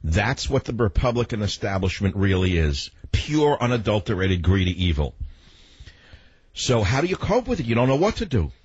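Male talk radio host, combative rant, husky and animated, dull dry studio sound. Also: fairly low pitch, normal speed, dry recording. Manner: combative, ranting, fires rhetorical questions. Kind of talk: political radio monologue. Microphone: studio microphone.

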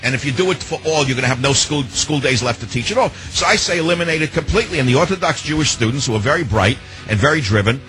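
A man's voice: mid-range voice, lively intonation, fast, few pauses, a bit bright, soft background music, rough recording. A man hosting a talk radio show, ranting in an opinionated monologue full of emphatic rhetorical questions, into a studio microphone.

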